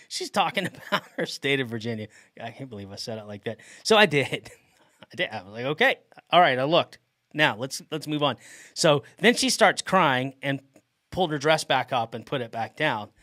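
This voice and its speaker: A man's voice: a little high, no echo. Man telling a wild story, dry sound. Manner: animated, laughs often mid-sentence. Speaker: podcast host. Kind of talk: casual storytelling.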